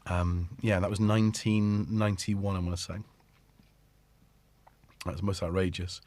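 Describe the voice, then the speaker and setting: This British livestream host, a middle-aged man on a studio microphone, talks in a low, level, somewhat dark voice at a moderate pace. There's no echo. He wanders from point to point, breaks off his own sentences, and chats casually with the audience.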